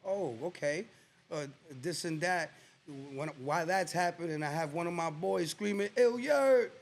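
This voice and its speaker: A man's voice: on the high side, fairly even intonation, moderate pace. A man from New Jersey, a rapper guest in a casual interview, talking in a laid-back, slangy way and repeating phrases for emphasis.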